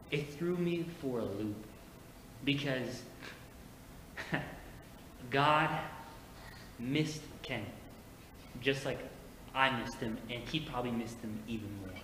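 A man preaching a sermon as pastor, moving from quiet personal storytelling to emphatic preaching. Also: mid-range voice. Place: church sanctuary. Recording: echoey church hall with faint noise.

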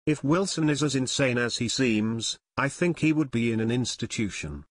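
A man voicing a calm, seasoned detective father who gives measured, confident advice in an audiobook reading. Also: medium pitch, no room sound, natural voice. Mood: assured.

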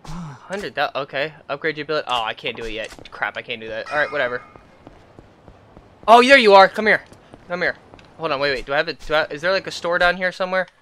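A young man giving let's-play commentary, excitable and quick to yell at the game in frustration, with self-mocking trash talk. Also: on the high side. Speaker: gaming channel host.

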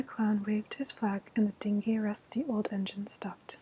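A woman reading a children's bedtime story in a soft, soothing whispered role-play. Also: medium pitch, fairly even intonation, unhurried, hardly any pauses, husky, poor audio.

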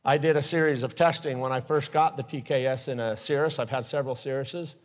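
A man's voice: mid-range voice, steady tone, brisk. A man giving a live aviation safety talk to pilots, earnest and openly emotional, with blunt warnings. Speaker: speaker at aviation safety forum. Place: forum at an airport hangar venue. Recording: long reverb from a large hall.

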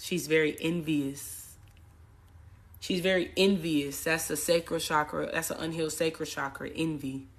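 A woman with a slightly low voice gives a casual tarot reading monologue. She talks bluntly and swears freely. She rambles through asides and turns emphatic when making a point. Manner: blunt and profane, grows emphatic. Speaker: tarot reader.

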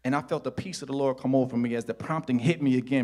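A middle-aged male pastor preaching a sermon in a church, telling a personal story that swings from hushed retelling to shouted preaching. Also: medium pitch, fairly even intonation, fast talker.

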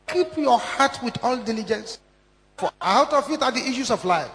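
A man delivers a sermon in a strikingly high voice, hammering his points with repeated lines that climb and fall. His words ring out with the long reverb of a large church hall. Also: brisk, a bit bright. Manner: emphatic, repeating lines with strong rises and drops. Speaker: preacher.

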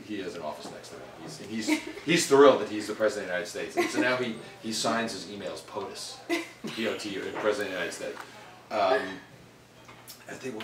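Middle-aged man, low-pitched voice, animated storyteller, faint hiss behind him. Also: poor audio. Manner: animated storyteller who acts out little scenes. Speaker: author interviewed about his books. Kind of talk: casual interview talk. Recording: faint ambient noise.

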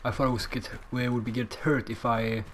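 A man giving casual gameplay commentary, excitable and profane, rambling between moments of the match. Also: mid-range voice, a little fast, a little hiss or hum. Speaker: gamer.

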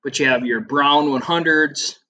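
A man's voice: fairly high pitch, steady tone, measured pace, sharp tone, a little hiss or hum. A middle-aged man teaching a casual classroom lesson over slides, chatty and rambling with lots of fillers and asides.

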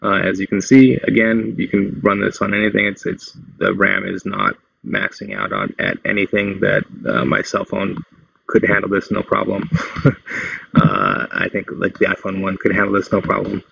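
Tutorial host, male, low and raspy, relaxed meandering delivery, lo-fi audio. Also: normal speed, no room sound. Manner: loose, meandering explanation. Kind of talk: casual screen-recorded tutorial. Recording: dull lo-fi dry sound.

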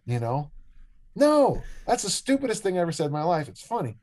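A man's voice: fairly high pitch, fairly quick. An older man, a strength and discus coach, telling joking stories as a guest on a podcast interview. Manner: animated, joking storyteller.

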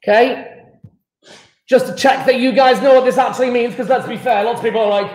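A man's voice: very high-pitched, fairly even intonation, brisk, a little mellow, reverberant, rough recording. A man teaching a chemistry class online, chatty and teasing with his students.

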